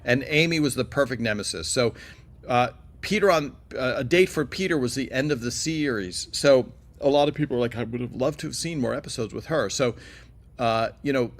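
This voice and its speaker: A man's voice: mid-range voice, brisk. Chatty man hosting a livestream. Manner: chatty, rambling, with many fillers and asides. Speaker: livestream host. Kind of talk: casual livestream chat answering viewer questions.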